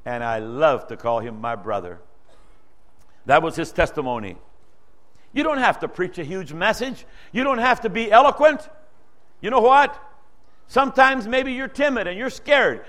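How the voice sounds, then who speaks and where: Preaching a sermon, a man from a Dutch-speaking background shares a testimony story with earnest, storytelling warmth. His expressive voice moves at a moderate pace, climbing and falling in pitch and volume.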